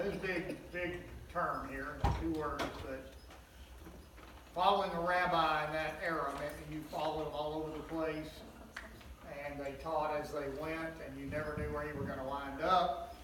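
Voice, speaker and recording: A man's voice: fairly high pitch, noisy background. A man preaching a sermon, retelling scripture in a folksy, conversational way with joking asides. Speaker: pastor. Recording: echoey hall, mic at a distance.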